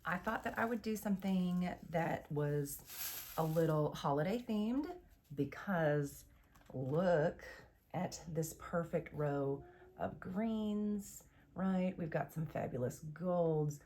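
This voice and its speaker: Low-voiced chatty makeup vlogger woman. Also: slow, a little mellow, a little hiss or hum. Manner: chatty, enthusiastic, explains step by step. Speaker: beauty vlogger. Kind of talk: makeup tutorial.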